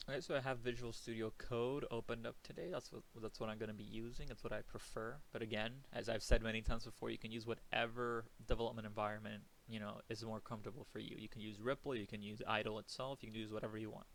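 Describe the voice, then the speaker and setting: A young man giving a recorded coding lecture, casual and talky, thinking aloud and counting out loud as he works. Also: fairly low pitch, little pitch movement, fast talker, vocal fry, hardly any pauses, slight background noise. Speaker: programming instructor.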